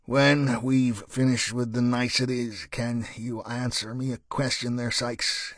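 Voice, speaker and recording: A man voicing a gruff, hulking male sergeant with a deep, angry voice and an accent mixing East Coast American and Belfast. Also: level tone, unhurried, a bit bright, no room sound, clean studio sound, natural voice. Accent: mix of East Coast American and Belfast.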